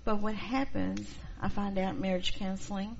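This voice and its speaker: A middle-aged woman teaching a church class, expressive and acting out the people she quotes. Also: mid-range voice, normal speed, vocal fry. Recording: dull lo-fi recording, faint noise.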